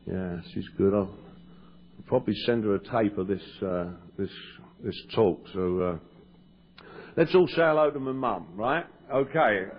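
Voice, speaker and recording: A man's voice: fairly low pitch, a little slow, slight background noise. An Englishman giving a joking, self-deprecating talk to a recovery meeting, often stammering and restarting. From England. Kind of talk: humorous personal talk to an audience. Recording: lo-fi 1990s cassette tape.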